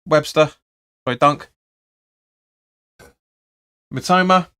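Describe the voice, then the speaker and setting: Smooth-voiced man commentating live. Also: a little high, slow, fairly bright tone. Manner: chatty play-by-play, reads viewer comments, blunt opinions. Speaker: fan channel host. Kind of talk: live match watch-along commentary.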